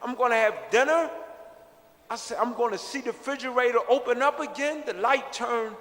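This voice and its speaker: High-voiced man telling his story earnestly. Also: normal speed, a bit bright, in a large hall. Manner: earnest, reflective, repeats himself. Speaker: interviewee. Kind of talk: personal storytelling.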